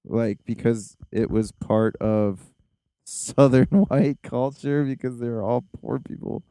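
A man hosting a podcast in casual chat, rambling and excitable with many fillers. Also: mid-range voice, slow, smooth, no echo, clean studio sound. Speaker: podcast host.

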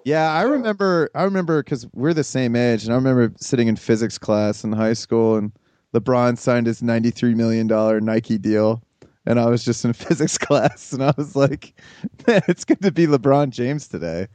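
A man in his thirties hosting a podcast in relaxed, rambling casual chat. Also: mid-range voice, moderate pace, no echo. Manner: relaxed, rambling, many fillers. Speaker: podcast host.

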